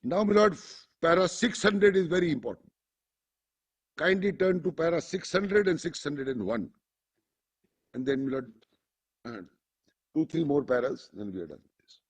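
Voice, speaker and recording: A man's voice: on the high side, animated, normal speed, long pauses, breathy edge. A man with an Indian English accent arguing before a court, formally calling the judges "my lord" at nearly every turn and reading passages aloud from a judgment. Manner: formal, addresses the bench as "my lord" constantly. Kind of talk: courtroom argument.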